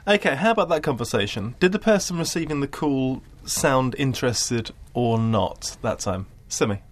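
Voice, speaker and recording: A man's voice: medium pitch, expressive, moderate pace. A man teaching an English class, patient and encouraging with his students.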